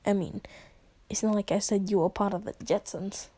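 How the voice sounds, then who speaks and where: A woman's voice: medium pitch, fairly even intonation, moderate pace, dark tone, slightly rough. A woman casually retelling a comedic fan story in laid-back slang, laughing along as she goes.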